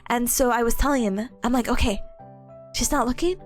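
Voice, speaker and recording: Animated high-voiced woman streamer. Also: brisk, soft background music. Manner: animated storytelling, frequent laughs, acts out quotes. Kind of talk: casual chat.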